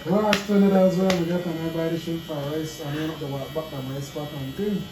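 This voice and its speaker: A man telling a lively story in a barbershop, laughing often. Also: a little high, fast, distant mic. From Belize. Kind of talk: casual chat. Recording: echoey room with background noise.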